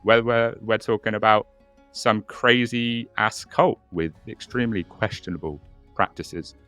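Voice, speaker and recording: A man's voice: on the low side, fairly even intonation, a little slow, a bit bright, smooth, dry recording, soft background music. A young man co-hosting a casual podcast, swearing and repeating words as he narrates a case. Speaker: podcast co-host.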